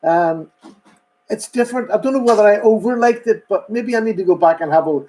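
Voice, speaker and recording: A man's voice: high voice, a little fast, dark tone, rough recording. Chatty man greeting viewers. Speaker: host. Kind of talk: casual live-stream chat.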